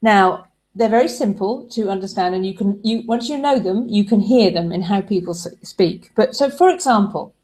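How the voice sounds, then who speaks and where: Woman, relationship coach, mid-pitched voice, explanatory advice talk, everyday examples. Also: moderate pace, a little mellow.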